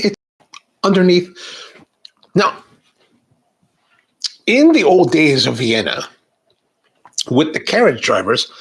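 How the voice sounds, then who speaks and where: A middle-aged American man hosting a coffee video, chatting casually with rambling, animated asides. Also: a little high, breathy edge, low-quality recording. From United States. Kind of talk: casual chat to camera.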